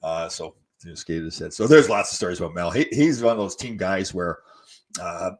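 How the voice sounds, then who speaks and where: A man's voice: sits low, brisk. A man in his sixties hosting a casual live stream, reading viewer comments aloud and answering them with rambling stories. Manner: chatty, storytelling, reads out viewer comments. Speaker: host.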